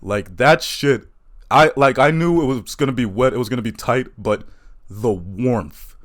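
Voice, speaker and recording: A man's voice: mid-range voice, animated, moderate pace. A man doing a stand-up comedy routine, telling crude, self-mocking stories.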